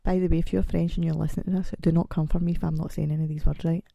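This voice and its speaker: A woman in her forties chats and rambles through her own podcast. She pokes fun at herself, and her voice is gravelly and croaky from a chest infection. It has a dark, mellow tone and sits a little low, recorded close and dry. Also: little pitch movement, racing, dry recording. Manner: rambling, chatty and self-mocking. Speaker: podcast host. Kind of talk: casual solo podcast chat.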